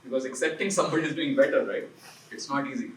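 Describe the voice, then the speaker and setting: A man's voice: medium pitch, quick pace, echoey room, recorded from a distance, a little hiss or hum, rough recording. A man who leads an investment firm gives a seminar talk in a punchy, conversational way, often throwing rhetorical questions at the audience. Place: seminar room.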